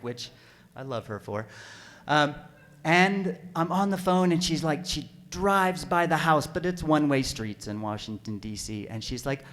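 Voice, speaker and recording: A man telling a personal story live on stage at a story slam, animated and self-deprecating, now and then bursting into panicked yelps. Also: on the high side. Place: stage at an arts center.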